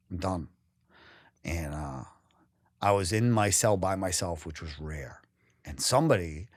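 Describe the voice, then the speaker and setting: A man's voice: deep voice, dry recording. A man from New England, a guest on a podcast, telling his story candidly and emotionally, swearing freely and often breaking off and restarting.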